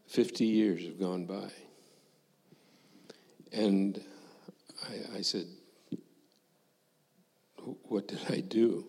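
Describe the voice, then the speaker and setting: Slow older man giving a testimony. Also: sits low, fairly even intonation, gravelly, darkish tone, big-room sound. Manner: slow, reflective storytelling with quoted dialogue. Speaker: former missionary giving testimony. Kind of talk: personal testimony to a congregation.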